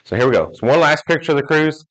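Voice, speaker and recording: A man's voice: a little high, animated, fast talker, fairly bright tone, muffled recording. Male preacher, casual joking sermon style, acts out quotes. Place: church hall.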